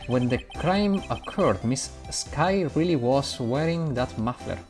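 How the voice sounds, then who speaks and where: A man voicing a jolly older male police chief in a visual novel game, trying a shaky British accent while reading slowly. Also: a little high, animated, darkish tone, faint music behind. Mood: chummy.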